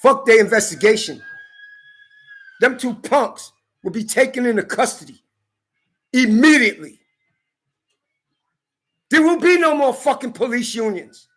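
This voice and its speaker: High, bright-voiced man ranting angrily. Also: lively intonation, a little slow, pauses often. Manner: heated, profane, often shouting. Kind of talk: angry rant to camera. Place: California.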